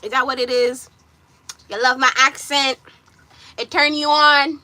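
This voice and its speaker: A young woman from Jamaica with a Jamaican accent, chatting casually and loudly while getting ready, teasing and cussing. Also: sits high, fairly even intonation. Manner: loud, brash and teasing, quick to cuss. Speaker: vlogger. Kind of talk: casual live chat.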